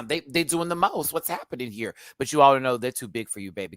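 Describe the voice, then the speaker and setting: A man co-hosting a live TV review. He is loud and theatrical, his voice leaping around with a bright, forceful edge. The recording is dry and close. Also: mid-range voice, animated, fast talker, few pauses, dry recording. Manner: loud, theatrical, swinging from murmurs to shrieking punchlines. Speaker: co-host of a live review show. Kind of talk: casual live review chat.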